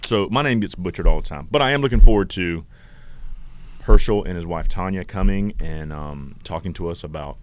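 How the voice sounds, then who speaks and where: A man's voice: sits low, brisk. A man in his forties with a Southern accent, co-hosting a podcast in a casual, joking, self-deprecating way. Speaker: podcast co-host. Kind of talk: casual chat.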